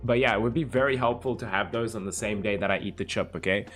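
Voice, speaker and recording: A man with a fairly low voice chats casually on a livestream, greeting viewers by name and reading their messages aloud. His delivery is relaxed and easygoing. Faint music plays in the background. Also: fast talker. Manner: laid-back, greets viewers by name and reads chat aloud. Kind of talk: casual stream chat.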